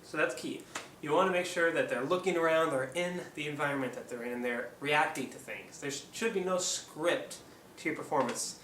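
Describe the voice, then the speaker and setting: A man's voice: a little high, fairly quick, hardly any pauses, fairly bright tone. A man from Oregon giving a casual, rambling how-to tutorial as a puppeteer, full of ums and restarts. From Oregon, USA. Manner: rambling, hesitant, lots of ums. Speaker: puppeteer, channel host. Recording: echoey room, distant mic, faint background hum.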